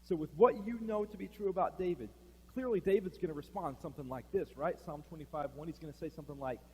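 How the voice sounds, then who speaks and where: A man's voice: a little high, fast talker, slightly rough. A man preaching a sermon as pastor, telling a story in a conversational way, acting out quoted lines and asking the room questions. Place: church sanctuary. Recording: reverberant hall, faint hum.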